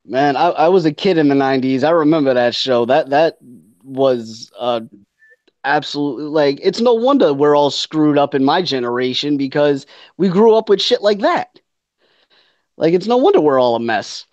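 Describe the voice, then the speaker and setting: A man's voice: a little high, animated, moderate pace, a little mellow, no room sound. A man in his thirties talking earnestly and reflectively in a casual chat, laughing along with his co-host. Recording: dull lo-fi dry sound.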